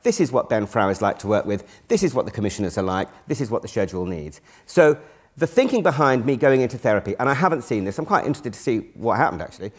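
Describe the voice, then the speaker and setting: A man's voice: medium pitch, sing-song, quick pace, husky. A middle-aged man talking frankly and self-deprecatingly about himself in a therapy-style conversation. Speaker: TV channel executive in a therapy session. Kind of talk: candid conversation.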